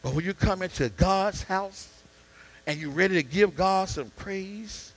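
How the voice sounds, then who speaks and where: Deacon man preaching, real high voice, swings quiet then shouting, feel. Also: a little slow, low-quality recording. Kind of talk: sermon.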